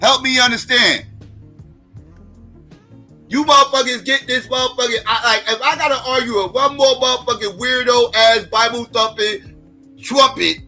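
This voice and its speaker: A man's voice: very high-pitched, moderate pace, pushed and bright, faint music behind. A man hosting a live stream, giving blunt, heated, profane political commentary and talking straight to his viewers. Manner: heated, blunt and repetitive, addressing viewers directly.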